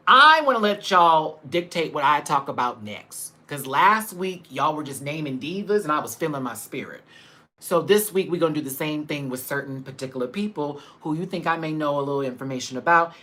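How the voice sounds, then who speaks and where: Male streamer, animated and chatty with his audience, voice full of ups and downs. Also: a little high. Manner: animated, chatty, laughs often; reads out and greets viewers by name. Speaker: livestream host. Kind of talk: casual live chat with viewers.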